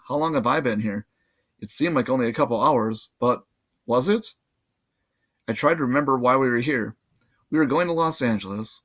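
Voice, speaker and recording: A man reading a novel aloud in casual, lively first-person narration. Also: mid-range voice. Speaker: audiobook reader.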